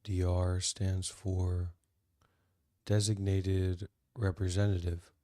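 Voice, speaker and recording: A man talking as a meditation teacher, in a halting, deadpan way with dry irony. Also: sits low, no room sound. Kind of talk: casual spoken teaching.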